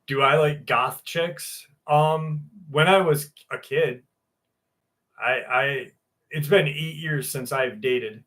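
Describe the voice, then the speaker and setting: A man's voice: on the high side, slow pace, fairly bright tone. A man in his forties hosting a livestream, answering viewers in casual, rambling chat with candid, crude humor. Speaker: livestream host.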